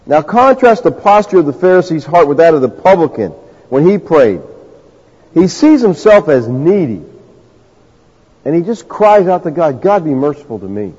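A man's voice: fairly high pitch, sing-song, normal speed, darkish tone, breathy edge. A man preaching a sermon to a congregation, talking in a conversational way and acting out the people he quotes. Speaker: pastor. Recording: lo-fi recording with long reverb in a hall.

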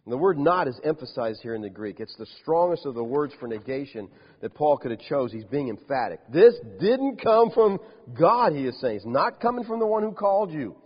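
Animated preacher in an echoing hall. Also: male voice, mid-range voice, fast, few pauses, slightly rough. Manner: animated, emphatic preaching with rhetorical questions. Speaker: pastor. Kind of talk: sermon. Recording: dull lo-fi sound with long hall reverb.

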